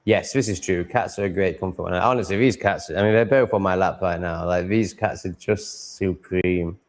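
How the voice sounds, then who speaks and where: A man's voice: sits low, normal speed. A man live streaming from home, chatting and answering comments in a rambling, profane way with stumbling restarts and chuckles. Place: at home with cats on his lap.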